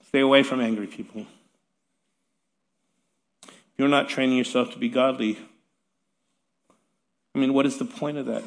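A man's voice: mid-range voice, fairly bright tone. Middle-aged guy pastor preaching, chatty and self-mocking, mid voice, long reverb from the hall. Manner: conversational, self-deprecating humor with light laughs. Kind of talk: sermon.

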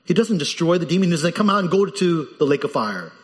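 A man preaching a sermon as the pastor, animated and lively, his voice jumping up when he quotes people in the story. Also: fairly high pitch, fast talker, long reverb tail.

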